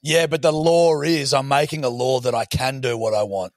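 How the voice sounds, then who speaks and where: A man's voice: medium pitch, fairly even intonation, moderate pace, dry recording, clean studio sound. A man co-hosting a podcast in casual chat, joking crudely and swearing a lot. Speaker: podcast co-host.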